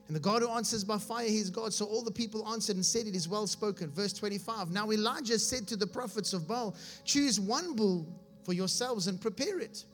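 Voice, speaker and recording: A man preaching, reading scripture aloud and explaining it with humor, often asking if his listeners follow. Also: sits high. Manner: asks his audience if they follow. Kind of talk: sermon.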